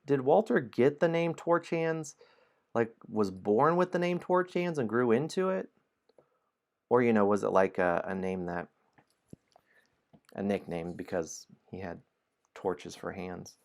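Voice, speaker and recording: A man hosting a game stream, reading the adventure story aloud and walking through the rules in a relaxed, musing way. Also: fairly low pitch, creaky.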